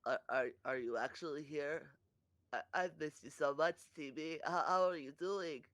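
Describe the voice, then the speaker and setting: A man voicing a gentle, affectionate male jelly creature who stammers and frets in a tabletop role-play. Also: on the high side, normal speed, no echo, pitched above the performer's own voice, close to an everyday voice. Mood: fretful.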